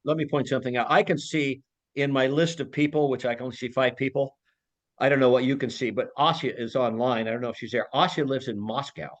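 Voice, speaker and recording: A man's voice: mid-range voice, steady tone, fast talker. Rambling, jokey man lecturing online. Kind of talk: informal talk on a video call. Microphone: video call.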